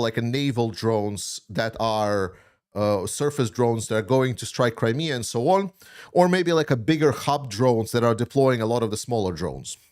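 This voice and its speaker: A man's voice: mid-range voice, darkish tone. A man hosting a commentary channel, answering viewer questions in an unscripted stream. He talks bluntly and heatedly, swears often and has slightly non-native grammar.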